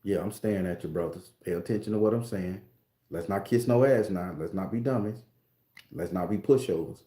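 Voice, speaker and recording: A man's voice: deep voice, fairly quick, dark tone. A man ranting casually to his viewers as a spiritual vlogger, profane, rambling and preachy. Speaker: spiritual tarot reader vlogger. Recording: roomy echo.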